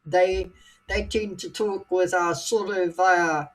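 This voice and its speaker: A woman's voice: fairly low pitch, fairly even intonation. A woman from New Zealand with a Scottish-tinged New Zealand accent, chatting playfully on a live stream. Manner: playful, teasing, quick to laugh. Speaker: guest. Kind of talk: casual live-stream chat.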